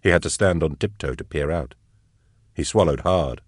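Deep-voiced male narrator for an audiobook, measured delivery, dry studio sound. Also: no echo. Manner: measured, even storytelling. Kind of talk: scripted narration.

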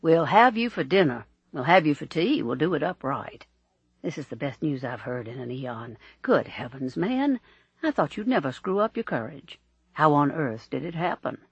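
A narrator doing a jovial, teasing old bishop. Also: male voice, on the high side, lively intonation, normal speed, husky, dry recording, dull audio, full character voice. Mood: delighted. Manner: hearty, warm, teasing. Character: jovial older male bishop, old friend.

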